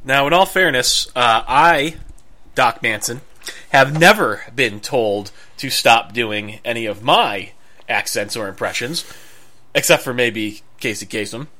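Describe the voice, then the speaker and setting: A man co-hosts a podcast in a playful, mock-grandiose manner, as if making grand announcements. His voice is bright and forward, with a middle pitch. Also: unhurried. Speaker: podcast co-host. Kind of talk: casual chat.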